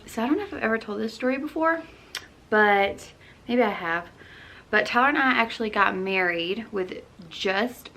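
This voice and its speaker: A woman's voice: medium pitch, gravelly, pushed and bright. A young woman chatting casually at home as a lifestyle vlogger, rambling with lots of "um" and "like" into her camera mic. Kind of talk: casual chat Q&A.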